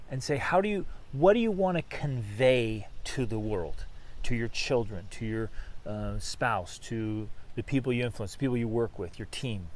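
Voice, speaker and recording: A man hosting a motivational talk, speaking energetically with big swings in volume and lively delivery. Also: mid-range voice. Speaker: podcast host and coach.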